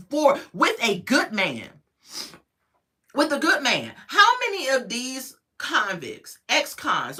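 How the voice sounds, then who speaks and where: Animated sassy woman reviewer. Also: fairly high pitch. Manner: animated, sassy, acts out quotes. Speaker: reality show reviewer. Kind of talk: casual commentary.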